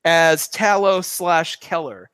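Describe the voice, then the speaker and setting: A man co-hosting a podcast, talking excitedly in a casual film discussion. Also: fairly high pitch, takes it slowly, clear, resonant tone, dry recording. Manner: excitable, animated, riffing. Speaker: podcast co-host. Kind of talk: casual chat.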